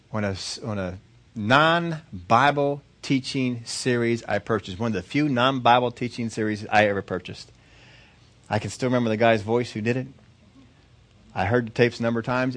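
A man preaching, telling a story in an earnest, repetitive way that builds in excitement. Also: medium pitch. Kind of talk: sermon storytelling.

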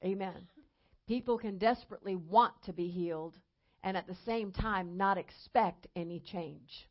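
A woman evangelist preaching a sermon emphatically, slowing down and rising in volume on key phrases. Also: medium pitch. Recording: dull lo-fi sound.

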